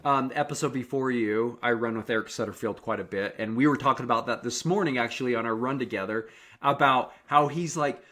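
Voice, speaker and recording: A man hosting a running podcast, telling stories in a lively, chatty way with frequent restarts. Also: mid-range voice, a little fast. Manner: animated storytelling, many restarts. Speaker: podcast host and running coach. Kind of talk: casual interview chat.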